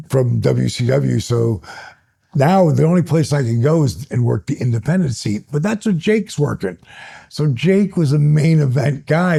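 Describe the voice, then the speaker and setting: Gravelly older man telling stories. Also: medium pitch. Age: 60s. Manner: animated, builds stories up excitedly, laughs between phrases. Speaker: guest, retired pro wrestler. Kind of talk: storytelling in an interview.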